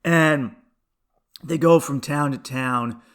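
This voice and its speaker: Profane rambling man, bright voice. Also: on the high side, takes it slowly, smooth. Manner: rambling, profane, laughs often. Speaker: podcast host. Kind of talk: casual comedic monologue.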